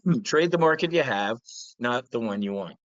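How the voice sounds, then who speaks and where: A man's voice: mid-range voice, lively intonation, moderate pace, no room sound, highs cut off. A man hosting a trading show, delivering blunt, profane market commentary with mocking impressions.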